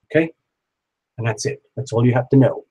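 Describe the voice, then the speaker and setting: A man with a husky voice hosts a live tarot stream. He speaks softly and repeats reassuring affirmations to viewers, naming them as he goes. His pitch sits right in the middle of the range. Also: fairly quick, low-quality recording. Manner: gentle, repetitive affirmations, addresses viewers by name.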